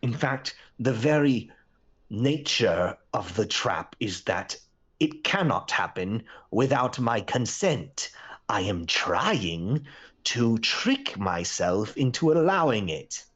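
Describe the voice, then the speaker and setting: A man voicing a haughty imprisoned queen who speaks slowly and coldly, often in a whisper. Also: lowish voice, sing-song, breathy edge, muffled recording, full character voice. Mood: brooding. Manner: slow, cold, often hushed to a whisper. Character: haughty imprisoned queen, woman, cold and hateful.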